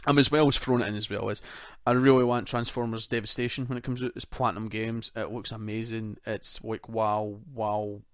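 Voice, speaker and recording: A man's voice: mid-range voice, fairly even intonation, fast, hardly any pauses, smooth, no room sound. Guy on a gaming podcast, hyped and jokey, swears a lot, dry close sound. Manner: enthusiastic, joking, swears freely. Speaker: podcast co-host. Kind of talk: casual gaming podcast chat.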